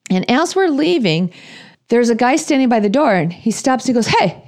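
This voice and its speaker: A woman in her thirties or forties telling a humorous personal story in an animated, self-deprecating way, acting out her own thoughts. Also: fairly high pitch, moderate pace.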